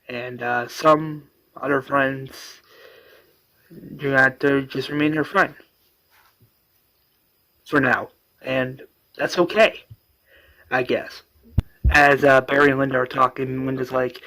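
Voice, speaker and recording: A man's voice: medium pitch, level tone, takes it slowly, pauses often, pushed and bright, rough recording. A man casually retelling a fan-made superhero story, rambling and using many fillers.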